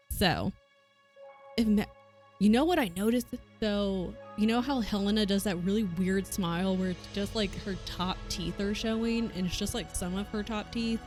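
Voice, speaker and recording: A woman from the American South with a softened Southern accent, chatting casually on a stream and swearing freely. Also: mid-range voice, normal speed. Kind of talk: casual chat while coworking. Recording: faint music behind.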